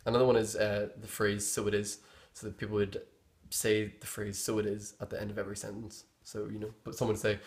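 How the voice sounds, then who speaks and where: A young man from Northern Ireland, speaking with the local accent, casually explains regional slang in a rambling, easygoing way, hunting for words as he goes. His voice is lowish, monotone, and fast.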